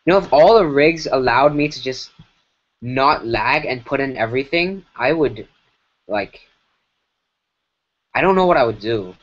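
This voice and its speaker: A man's voice: medium pitch, expressive, a little slow, long pauses. A man streaming live as he works, talking casually in a rambling, self-correcting way with lots of fillers, through a broken mic. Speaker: streamer animating. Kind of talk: casual livestream commentary. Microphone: broken computer mic. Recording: dull lo-fi mic.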